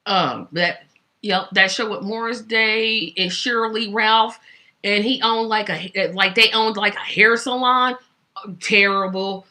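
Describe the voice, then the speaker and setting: Shifting in her seat from back pain, a woman rambles solo about old TV shows, filling her talk with fillers and restarts. She speaks slowly in a bright, forceful voice of medium pitch.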